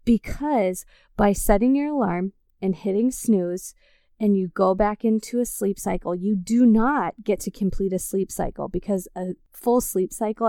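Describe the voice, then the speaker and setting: An upbeat woman hosts her own podcast, speaking straight to her listeners in a friendly, encouraging way. Her voice is mellow and smooth, and it sits in an ordinary middle range. The recording is close and dry, with no room around it. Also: medium pitch, no room sound. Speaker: podcast host. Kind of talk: casual solo podcast talk.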